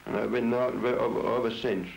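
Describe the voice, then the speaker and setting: A man's voice: medium pitch, fairly even intonation, quick pace, vocal fry. A man in his seventies with a Norfolk accent, reminiscing bluntly in an interview at his home and often repeating himself. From Norfolk, England. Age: 70s. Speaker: interviewee, traditional folk singer. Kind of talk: plain reminiscing in conversation. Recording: dull lo-fi 1962 home tape with hiss.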